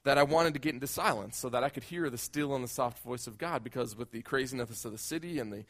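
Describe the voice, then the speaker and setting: A man's voice: medium pitch, quick pace. Man preaching a conversational sermon. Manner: conversational, repeats words when building a point. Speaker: pastor.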